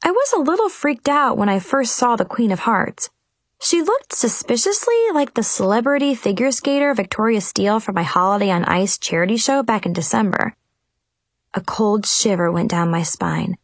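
Woman reading a storybook in first person, bouncy animated voice, dry close mic. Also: mid-range voice, no room sound. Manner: animated, expressive, chatty. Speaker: audiobook narrator.

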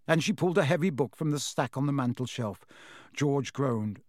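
A man's voice: medium pitch, expressive, moderate pace, no echo, studio quality. A man narrating a storybook as an audiobook, reading expressively.

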